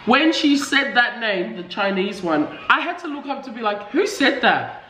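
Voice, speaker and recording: A woman's voice: a little high, big pitch swings, normal speed, a bit bright. A woman chatting casually, emotional and laughing often as she thanks her family. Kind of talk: casual chat. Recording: echoey room with music behind.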